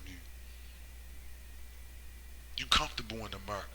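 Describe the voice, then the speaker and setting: Preaching man with a bright, forceful voice. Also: moderate pace, slight background noise, low-quality recording. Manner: rhetorical, keeps asking "right?" and "you see?"; swings between loud emphatic bursts and low muttering. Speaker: religious commentator. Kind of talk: preaching monologue.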